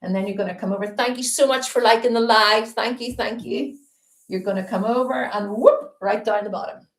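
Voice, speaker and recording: A woman's voice: a little high, fairly quick. Chatty woman teaching painting live. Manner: chatty, upbeat, greets viewers while explaining. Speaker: art teacher. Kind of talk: live-streamed painting lesson. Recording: roomy echo.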